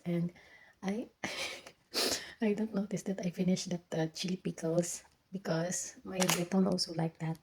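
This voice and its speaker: Filipina woman telling a story, mellow voice. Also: fairly low pitch, vocal fry, husky, low-quality recording. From Philippines. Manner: halting, many restarts and fillers, drifts into whispers. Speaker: vlogger. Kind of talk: casual storytelling vlog.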